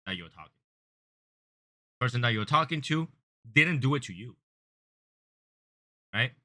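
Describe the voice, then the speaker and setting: A man hosting a cigar review channel, talking casually and earnestly, rambling and repeating himself, sometimes raising his voice to act out angry callers. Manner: grows louder and higher when acting out angry callers. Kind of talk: casual chat.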